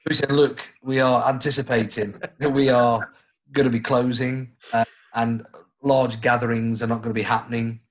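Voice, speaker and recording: A man's voice: mid-range voice, flat delivery, moderate pace. A young man with a Stoke-on-Trent accent, a radio presenter chatting casually in a jokey, rambling way. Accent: Stoke-on-Trent English. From Stoke-on-Trent area, England. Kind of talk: casual chat.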